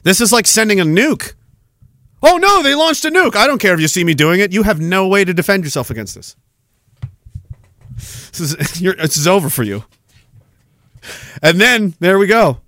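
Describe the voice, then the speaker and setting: A man hosting a podcast, reading chat messages in a sarcastic, animated way, laughing often and swearing. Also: sits high, normal speed, pauses often, no echo, studio quality. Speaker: podcast host. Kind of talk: casual livestream commentary reading chat.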